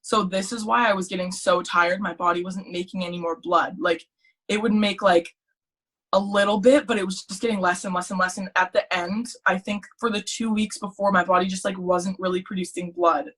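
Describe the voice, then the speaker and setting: A teenage girl in casual chat, telling her story in an animated way with lots of filler words. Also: medium pitch, a little fast. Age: teens. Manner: chatty, animated storytelling with many "like"s. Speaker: guest.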